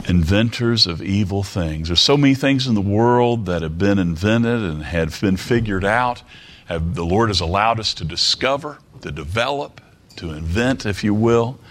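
A middle-aged male preacher with a fairly low voice delivers a sermon. He talks in a measured, deliberate way and often repeats a word or phrase to press a point home. He leans on rhetorical questions to draw the listeners in. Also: a bit bright. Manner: deliberate, repeats words for emphasis.

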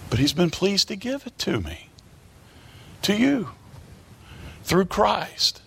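A man's voice: high-pitched, sing-song, takes it slowly, vocal fry, fairly bright tone, slight background noise. A man preaching a sermon, reading scripture aloud and explaining it earnestly, often repeating words as he searches for the next phrase.

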